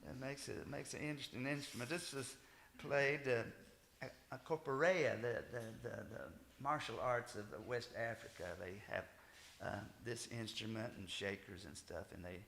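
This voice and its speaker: An older man, a folk musician, talking casually and haltingly at a music gathering, with many fillers and restarts. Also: medium pitch, vocal fry, fairly bright tone, a little hiss or hum. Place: music festival stage, roomy hall. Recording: roomy hall with instrument playing.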